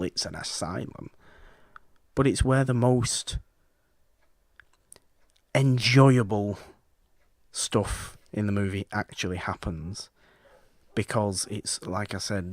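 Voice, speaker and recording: A man co-hosting a podcast, talking about films casually, lively and acting out reactions. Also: lowish voice, slow, pauses often, no echo. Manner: animated, acts out reactions, frequent restarts. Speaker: podcast co-host. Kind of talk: casual film chat.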